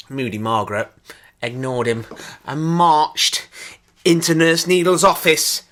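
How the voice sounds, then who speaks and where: A man reading a children's storybook aloud in an expressive, dramatic way. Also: mid-range voice. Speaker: storybook reader.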